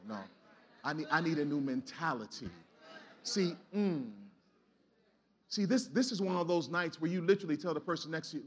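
A man's voice: a little high, expressive, brisk, fairly bright tone, slightly rough. A man preaching a sermon in a church, exhorting the congregation with call-and-response and casual, colloquial asides. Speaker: pastor. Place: church sanctuary.

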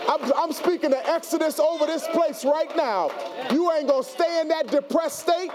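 A man with a very high-pitched voice preaches with a lilt, drawing the congregation into call-and-response. His delivery swings between drawn-out scripture lines and sudden shouted declarations. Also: a crowd in the background. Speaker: pastor. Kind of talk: sermon.

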